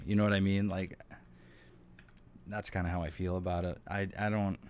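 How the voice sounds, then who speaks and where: A man's voice: low-pitched, level tone, normal speed, a little hiss or hum. A man streaming a game, chatting casually with his viewers, swearing often and reacting to their messages. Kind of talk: casual gameplay stream chat.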